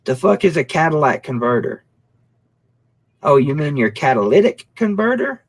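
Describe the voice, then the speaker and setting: Joking, cussing live-stream host. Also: male voice, fairly high pitch, sing-song, moderate pace, creaky, breathy edge. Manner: profane, joking, reads comments. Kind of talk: casual live-stream chat.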